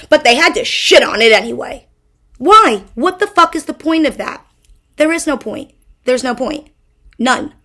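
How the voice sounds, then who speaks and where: A woman's voice: high-pitched, sharp tone. A young woman hosting a mom podcast, ranting in an exasperated way, stumbling over repeated words and swearing. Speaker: podcast host. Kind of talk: ranting monologue.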